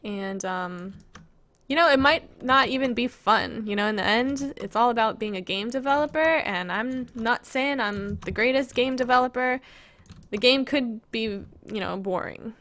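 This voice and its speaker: A woman's voice: on the high side, a little slow, a bit bright. A woman casually chatting on a live stream as she shows her game-making work, giggling and rambling as she reads viewer questions aloud.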